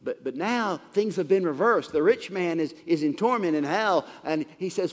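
Lively preacher in a reverberant hall. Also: male voice, sits high, moderate pace, hardly any pauses. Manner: expository retelling with frequent stumbling word repeats. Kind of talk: sermon.

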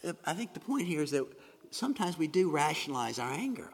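Gravelly, raspy preaching man. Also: a little high, very animated, quick pace, big-room sound. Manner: earnest preaching with emphatic swings in loudness, frequent restarts. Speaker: pastor. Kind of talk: sermon.

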